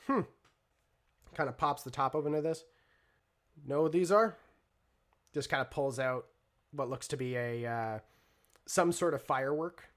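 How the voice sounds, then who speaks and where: A man's voice: on the high side, unhurried, long pauses, natural voice. A man voicing a brash, smug teenage boy in a leather jacket during a tabletop role-play game.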